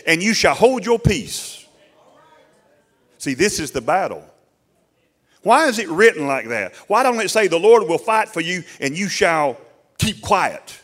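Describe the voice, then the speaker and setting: A man's voice: sits high, sing-song, measured pace, long pauses, fairly bright tone. A man preaching a sermon, repeating key phrases and putting questions to his congregation in a folksy, drawling way.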